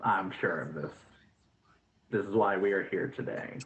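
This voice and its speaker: A man's voice: deep voice, normal speed, fairly bright tone, roomy sound, highs cut off. A man voicing a greedy, scheming old Roman master who sneers at others. He is heard over an online voice chat. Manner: sneering, condescending.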